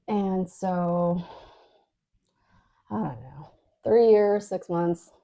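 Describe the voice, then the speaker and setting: A woman's voice: lowish voice, very slow, pauses often, warm tone. A woman co-hosting a podcast, recounting a dream in a chatty, casual way with lots of fillers. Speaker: podcast co-host. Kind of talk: casual storytelling.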